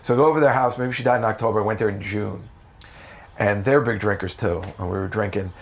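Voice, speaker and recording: A man from the United States, a comedian telling stories in a casual interview, animated and profane. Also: quick pace, vocal fry. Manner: animated, profane, jumps into high voices for quotes. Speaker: comedian guest.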